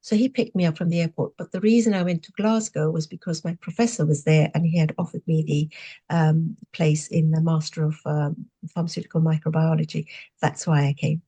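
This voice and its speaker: Woman, sixties, from Zimbabwe, slightly low voice, reflective storyteller, frequent fillers, podcast guest. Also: little pitch movement, fairly quick, mellow, husky. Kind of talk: storytelling interview answers.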